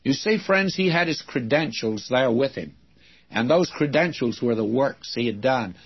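Older husky preacher man, lo-fi. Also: mid-range voice, lively intonation, moderate pace. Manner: folksy storytelling, mimics voices in anecdotes. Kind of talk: radio Bible-teaching sermon.

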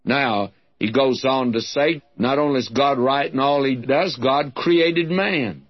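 A man's voice: medium pitch, unhurried, hardly any pauses. A man teaching a verse-by-verse sermon, reading scripture with emphasis and adding folksy asides. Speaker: Bible teacher. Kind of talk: expository sermon. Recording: muffled lo-fi radio recording.

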